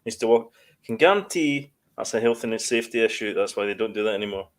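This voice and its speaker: A man's voice: fairly low pitch, fast. A man co-hosting a podcast, chatting casually and rambling with restarts. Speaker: podcast co-host. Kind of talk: casual chat.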